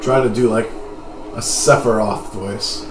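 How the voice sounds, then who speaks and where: A man's voice: lowish voice, steady tone, unhurried, slight background noise. A man casually narrating a video game playthrough, self-mocking about his character voices. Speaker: let's play commentator. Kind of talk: game playthrough commentary with voice acting. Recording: roomy echo, game music behind.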